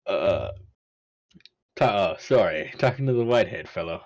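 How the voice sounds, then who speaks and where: A man playing a tabletop game, talking casually in a halting, stammering way. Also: deep voice, lively intonation, darkish tone, dull audio. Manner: halting, stammering, many restarts. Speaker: player.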